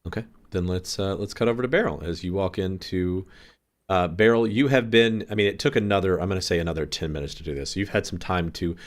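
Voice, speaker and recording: A man narrates as game master for a tabletop role-play game with a low, deep voice. He talks casually, with plenty of fillers, and laughs often. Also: fast talker.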